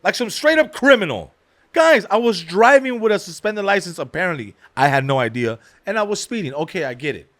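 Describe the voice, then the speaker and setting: Animated man telling a comic story. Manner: acts out every character with big jumps in pitch and volume; street slang, calls people "dog" and "bro". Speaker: comedian podcast host.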